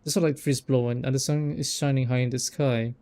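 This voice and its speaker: Gravelly young man reading a visual novel. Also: mid-range voice, fairly even intonation, brisk, mellow. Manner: reads narration aloud, stumbles and rereads lines, breaks off with casual remarks. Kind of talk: let's play reading with asides.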